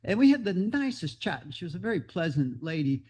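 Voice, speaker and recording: A man with a slightly high voice tells a casual, rambling travel story to a club meeting. He sounds chatty and upbeat as he leads the gathering. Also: big pitch swings, a little fast, a little mellow, slightly rough. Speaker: meeting leader.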